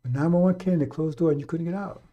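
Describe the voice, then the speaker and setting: A man's voice: fairly high pitch, quick pace, highs cut off. A middle-aged man giving a fiery, off-the-cuff radio sermon, blunt and profane, repeating his warnings over and over. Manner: blunt, profane, repetitive exhortation. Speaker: radio preacher.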